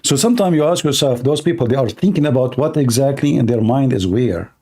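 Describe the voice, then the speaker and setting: A man's voice: medium pitch, lively intonation, fairly quick, dark tone. A man hosting an online talk show, arguing in a sarcastic tone and firing off rhetorical questions. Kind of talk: argumentative commentary.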